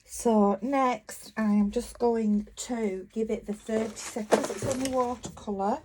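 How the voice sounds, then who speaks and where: A woman's voice: a little high, fairly even intonation, unhurried, background noise. A middle-aged woman from northern England with a Lancashire accent, chatting casually through a crafting tutorial while she works. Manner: chatty, self-interrupting, talking while working. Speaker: craft vlogger.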